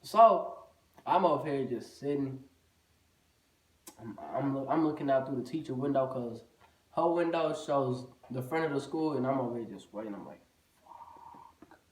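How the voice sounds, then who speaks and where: A man's voice: mid-range voice, normal speed, a little hiss or hum. Man telling a casual, profane storytime. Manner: casual, profane, repeats "bro" often. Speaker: vlogger. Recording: echoey room, voice far from the mic.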